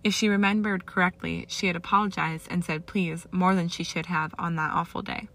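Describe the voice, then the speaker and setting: A woman reading fan fiction aloud as narrator, in steady storytelling with the odd small slip. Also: on the low side, fairly quick.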